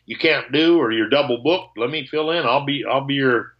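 A man's voice: mid-range voice, moderate pace. Man telling a story over a muffled call. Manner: animated, acts out both sides of old conversations, swears. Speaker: guitarist guest.

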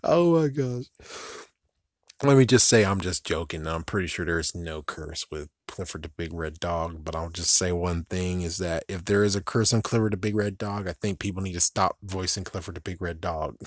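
A man's voice: deep voice, moderate pace, no room sound, studio quality. A man giving a rambling casual video commentary, joking, giggling and ranting with mild swearing. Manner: giggly, swears mildly, rants and jokes. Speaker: video reviewer.

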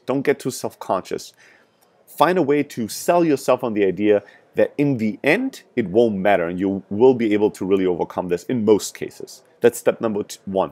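A sales startup founder with a strong European accent gives a motivational talk straight to camera. His medium-pitched, darkish voice delivers emphatic, frank advice, often tossing in "right?" asides.

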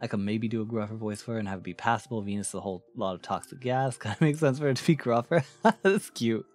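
A man's voice: on the low side, fast, darkish tone, soft background music. A man streaming in a casual chat, thanking followers, rambling through fillers and restarts, and laughing often. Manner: rambling, with frequent fillers and self-restarts, giggly.

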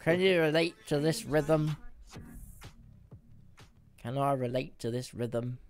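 A man's voice: fairly high pitch, slow pace, soft background music. A man voicing a scruffy, rowdy hobo in a role-play game, sing-song and chanting a catchphrase. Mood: sulky.

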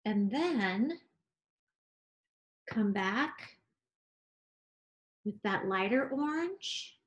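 A woman art teacher gently talking children through a painting demonstration, encouraging and sing-song. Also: mid-range voice, expressive, extremely slow.

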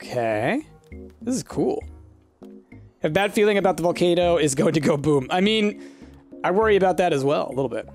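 Let's play host, casual rambling commentary, animated pitch, self-deprecating; faint game music. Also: fairly quick, pauses often.

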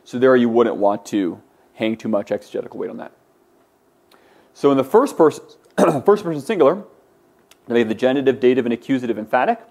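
A man's voice: mid-range voice, big pitch swings, a little mellow. Man teaching a classroom lecture. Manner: patient, repeats words slowly and drills the class aloud. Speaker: Greek teacher.

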